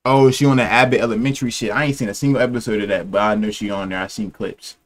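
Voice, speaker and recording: A man's voice: fairly low pitch, steady tone, fast. A young man in his twenties streaming, reacting in loose, joking chat full of slang.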